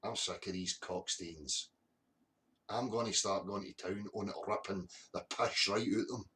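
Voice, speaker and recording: A man's voice: fairly low pitch, fairly even intonation, unhurried, pushed and bright. A Scottish man hosting a live stream, ranting bluntly with heavy swearing and greeting viewers from the chat. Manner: angry, heavily sweary, blunt. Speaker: livestream host.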